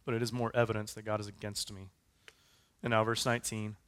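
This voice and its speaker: A man's voice: fairly low pitch, little pitch movement, fast, a bit bright. A man preaching a sermon in a conversational way, with casual fillers and asides. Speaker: pastor.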